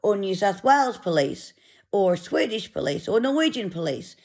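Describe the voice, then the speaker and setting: A woman's voice: medium pitch, very animated, moderate pace, vocal fry, darkish tone. A woman ranting angrily, sweary and sarcastic. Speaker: vlogger. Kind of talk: angry rant to camera.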